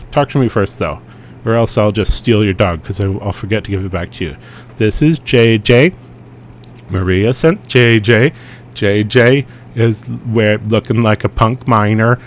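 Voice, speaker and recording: A man hosting a livestream, chatting in a rambling, playful way and often repeating himself. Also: mid-range voice. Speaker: livestream host.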